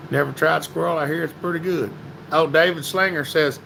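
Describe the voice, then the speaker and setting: A chatty man with a drawl runs a casual livestream, greeting viewers by name. His voice is bright and forceful and sits a little high. A faint hum of background noise runs under it. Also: fairly even intonation, a little fast, gravelly, low-quality recording. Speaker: livestream host. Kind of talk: casual livestream chat reading comments.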